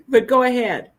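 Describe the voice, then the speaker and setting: A woman speaking as a panel guest in a casual conversation, unhurried and wry. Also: sits high.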